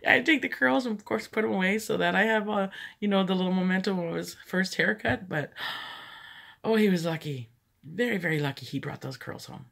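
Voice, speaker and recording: A woman's voice: medium pitch, brisk, vocal fry. A woman chatting casually through a thrift haul, rambling into stories and laughing often. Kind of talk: casual haul vlog chat.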